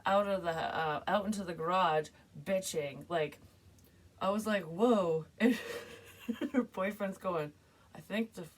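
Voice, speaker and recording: A woman's voice: on the low side, unhurried, long pauses, distant mic. A woman psychic medium talking casually through a reading, rambling and swearing with frequent laughs. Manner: rambling, profane, laughs often.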